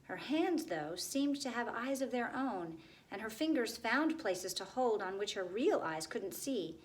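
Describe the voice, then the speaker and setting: A woman reading a children's chapter book aloud in a steady, expressive way. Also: on the high side, measured pace, poor audio. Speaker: narrator.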